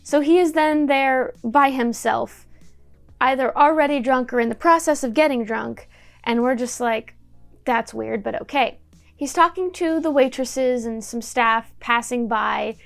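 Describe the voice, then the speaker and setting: A woman's voice: high voice, unhurried, faint music behind. A young woman in a casual storytime vlog, chatty and wry, swearing freely while she tells what happened, filmed at home on a camera mic. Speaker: YouTuber telling a story.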